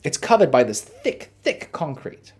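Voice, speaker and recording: A man's voice: on the high side, very animated, measured pace, darkish tone, breathy edge. A man, hosting a podcast and telling a story casually, acting out his own reactions and quotes. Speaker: podcast host.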